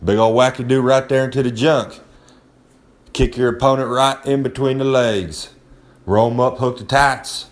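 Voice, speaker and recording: A man's voice: medium pitch, steady tone, moderate pace. Swaggering man spitting loose advice. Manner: swaggering, loose, repeats "I'm just saying", streetwise slang. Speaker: recurring advice segment presenter. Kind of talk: casual monologue of wrestling tips.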